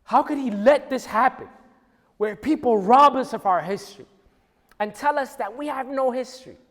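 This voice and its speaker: A church teacher delivers an earnest, emphatic history lesson about the church in a church hall, sometimes restarting. The voice is medium in pitch at a moderate pace, with long hall reverb.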